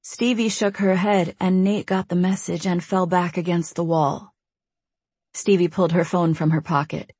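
A woman narrating an audiobook with tense, steady storytelling. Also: on the low side, normal speed, breathy edge, no echo. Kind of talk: scripted narration.

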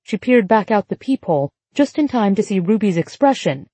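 A woman reading an audiobook in a measured, even storytelling manner on a close studio mic. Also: medium pitch, husky, no room sound. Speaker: audiobook narrator. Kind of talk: scripted narration.

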